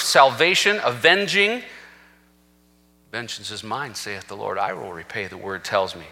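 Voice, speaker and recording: A man's voice: on the high side, bright, forceful tone. A man preaching a sermon as senior pastor, emphatic and reading scripture aloud with rising force. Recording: reverberant hall.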